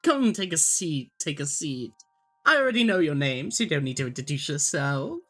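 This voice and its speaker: A woman voicing a smooth-talking male wandering gambler with a breezy, knowing manner. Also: low-pitched, sing-song, normal speed, fairly bright tone, exaggerated voice. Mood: sly.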